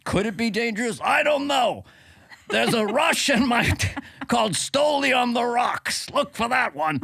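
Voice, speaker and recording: A man's voice: very high-pitched, unhurried, gravelly, breathy edge, no echo, full character voice. A man doing a comic impression of an older male doctor who hedges every answer and rambles. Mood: hedging rambling. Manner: hedging, rambling, deadpan then brash.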